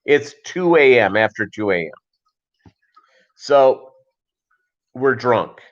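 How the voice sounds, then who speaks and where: A man's voice: medium pitch, animated, slow, lo-fi sound. A middle-aged man hosting a livestream, telling a long story in a loose, rambling way with many restarts and asides. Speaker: livestream host.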